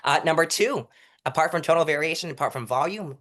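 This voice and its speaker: A young man with a stuffy nose explaining public speaking technique as an interview guest, demonstrating changes in loudness and pitch as he goes. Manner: self-admitted fast talker. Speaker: interview guest, mock trial coach.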